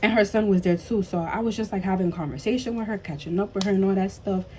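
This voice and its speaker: A young woman vlogger telling a storytime tale in an animated way, full of "like" and "bro" and emphatic repeats. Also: medium pitch, fast talker, slight background noise. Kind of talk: storytime vlog.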